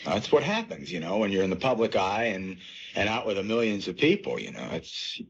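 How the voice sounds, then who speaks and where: Animated man acting out anecdotes, old radio. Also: fairly low pitch, a little fast. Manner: animated, acts out voices in anecdotes. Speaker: musician in a touring group. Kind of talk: casual interview chat. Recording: muffled 1970 radio broadcast with faint hiss.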